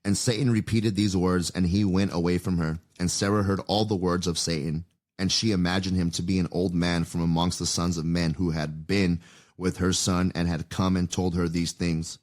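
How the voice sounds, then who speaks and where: Deep-voiced man reading scripture aloud. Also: level tone, moderate pace, darkish tone. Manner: thinks aloud in a loose, conversational way between readings. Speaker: podcast host.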